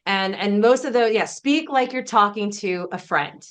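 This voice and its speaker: A woman's voice: mid-range voice, normal speed. A woman business coach presenting a casual webinar, chatty and emphatic, often laughing between points.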